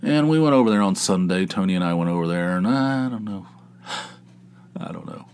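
A man's voice: sits low, lively intonation, moderate pace, a little mellow, clear, resonant tone. A middle-aged man hosting a solo podcast, telling stories in a rambling, conversational way. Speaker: podcast host. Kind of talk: casual solo monologue.

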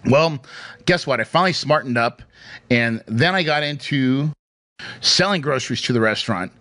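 A man's voice: medium pitch, lively intonation, moderate pace, pushed and bright. A man casually telling a personal story in a chatty way, with frequent restarts and tag questions. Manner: chatty, hesitant restarts, asks "right?" often. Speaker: speaker sharing his career story.

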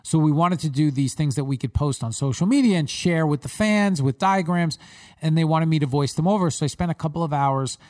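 A man's voice: fairly high pitch, a little fast, no echo, studio quality. A man from Long Island with a New York accent, a podcast host chatting casually and telling stories with emphasis. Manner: lively storyteller, emphatic. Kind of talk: casual chat.

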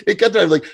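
A man's voice: very high-pitched, gravelly, slightly rough. A man co-hosting a podcast, chatting casually about a TV episode and acting out lines from it. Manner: animated, quotes characters in put-on voices, laughs often. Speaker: podcast co-host. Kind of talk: casual chat recapping a TV episode.

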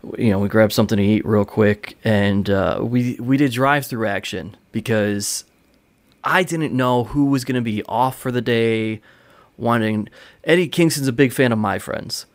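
A man tells a long backstage story on his podcast in a loose, rambling way. He swears casually and laughs as he goes, in a mid-range voice of ordinary pitch. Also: moderate pace. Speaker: podcast host, wrestling promoter.

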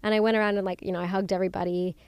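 Chatty young woman, smooth dry voice. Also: level tone, very fast, a little mellow, no room sound. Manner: candid, chatty, swears freely, lots of filler "like"; acts out quoted friends in high squeals. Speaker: podcast host. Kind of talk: casual solo podcast chat.

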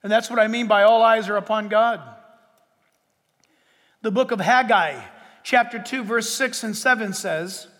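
A man preaching a sermon as pastor, emphatic, with dramatic pauses and sudden bursts of force. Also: high-pitched, fairly bright tone, long reverb tail.

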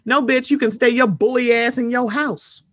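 A woman hosting a casual podcast chat, talking in a blunt, animated, often profane way and reading out news items. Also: a little high, normal speed, dry recording, studio quality. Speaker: podcast host.

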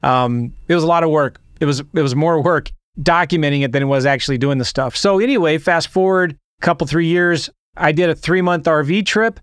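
An enthusiastic male podcast host talks straight to his audience, firing off rhetorical questions. His voice sits a little high. The close-miked sound is dry, with no room around it. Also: a little fast, smooth, no room sound. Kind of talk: energetic podcast intro monologue.

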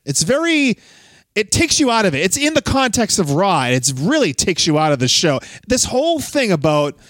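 Male podcast host, high voice, dry close sound, chatty, laughs easily. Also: fairly bright tone, no echo. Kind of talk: casual wrestling podcast chat.

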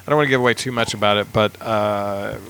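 A man co-hosting a podcast, chatting casually about films and shows with many pauses and restarts. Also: on the low side, slight background noise. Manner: relaxed, halting, many ums and restarts. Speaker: podcast co-host.

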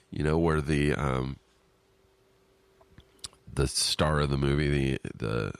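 A man's voice: rumbling low, no room sound. A man co-hosting a podcast, rambling and self-deprecating with profane asides as he reads listener emails, sniffly from allergies. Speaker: podcast co-host. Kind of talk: casual chat, reading listener emails. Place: at home in his apartment.

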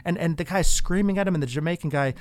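In casual conversation, a man tells stories earnestly, often restarting his sentences. He talks fast in a slightly high voice, and there's no echo.

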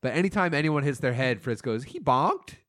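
A man's voice: medium pitch, lively intonation, quick pace, dry recording, clean studio sound. A man in casual podcast chat, telling family stories with frequent laughter, swearing and acted-out quotes.

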